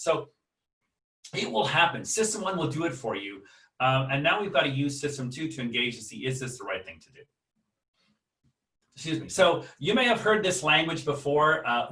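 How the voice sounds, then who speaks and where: An American man gives a casual online lecture in a mid-pitched voice, stopping on ums and restarts and asking his listeners questions. He sits a little back from the mic, and the room adds a noticeable echo. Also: sharp tone, distant mic. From United States. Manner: conversational, many fillers and restarts, asks the audience. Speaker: webinar lecturer. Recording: roomy sound, voice a bit off-mic.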